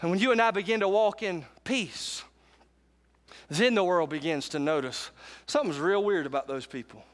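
High-voiced pastor preaching. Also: male voice, normal speed. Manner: emphatic, calls out to congregation for responses. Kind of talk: sermon. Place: church sanctuary with live congregation.

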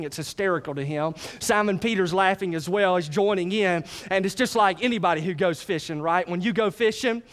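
A man preaches in a high, bright-pitched voice. He is animated and folksy, often stopping to check that the congregation is with him. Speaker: pastor. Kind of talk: sermon.

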